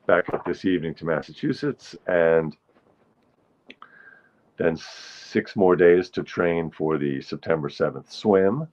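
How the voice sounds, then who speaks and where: A man hosting a relaxed solo livestream, rambling to the people in his chat. His voice sits a little low and he takes his time. The sound is thin and phone-like, with faint music behind him. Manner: rambling, chatty, talks to viewers in the chat; sings slowly to ukulele. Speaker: livestream host.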